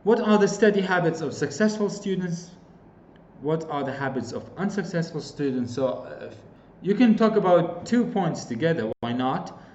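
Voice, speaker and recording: Lively Kurdish-accented teacher, roomy lo-fi sound. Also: male voice, a little high, normal speed, slight background noise. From Kurdistan region of Iraq. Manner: explains with repeated examples, frequent fillers. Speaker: English teacher. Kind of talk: online lecture. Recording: roomy, dull lo-fi recording.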